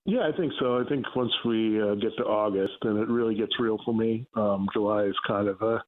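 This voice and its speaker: Guest guy calling in on the phone, lowish voice, tinny line, calm and analytical. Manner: measured, analytical. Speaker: NFL writer and guest. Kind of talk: phone-in radio interview.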